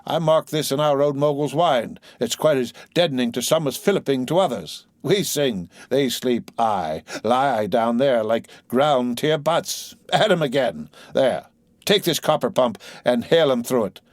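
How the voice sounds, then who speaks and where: A man's voice: mid-range voice, lively intonation, a little slow, dry recording, clean studio sound, voice pushed up, close to an everyday voice. A man voicing rowdy male sailors who hail and bellow across the deck. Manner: hearty, bellowing. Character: loud rowdy male sailors calling the watch.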